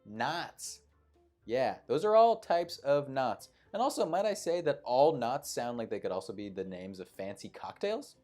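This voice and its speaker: A man hosting a live trivia show. He reads each question and then riffs on it with playful, jokey asides, and his pitch swings widely as he talks. Faint background music plays under his voice. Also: very animated, unhurried, darkish tone. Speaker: quiz show host.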